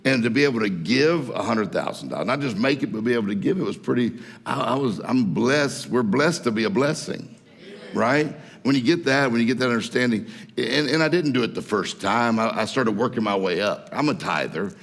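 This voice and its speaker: In a church hall with long reverb, a Mississippi-born guest preacher gives a sermon, spinning folksy stories and chuckling at his own jokes. He talks a little fast in a mid-range voice with lively intonation.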